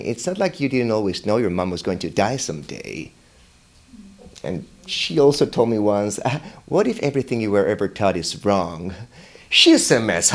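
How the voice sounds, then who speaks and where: A young adult man tells a personal story with wry self-mockery, jumping into high, excited voices whenever he quotes himself.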